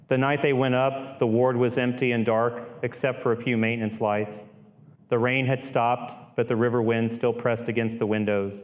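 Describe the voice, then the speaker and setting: A man narrating a scripted story in a measured, solemn way. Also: mid-range voice.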